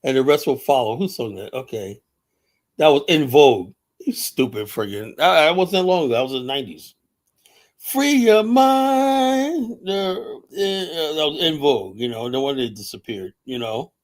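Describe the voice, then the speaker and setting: A man's voice: medium pitch, animated, a little fast. A man hosting a livestream, delivering a blunt, profane, rambling rant. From United States. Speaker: podcast host. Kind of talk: livestream monologue.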